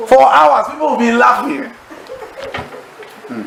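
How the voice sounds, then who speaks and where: A man preaching to a Bible study class, telling stories in an animated way, acting out laughter and asking the audience leading questions. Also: extremely high pitch, a little slow, gravelly, rough recording. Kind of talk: sermon-style teaching to a congregation.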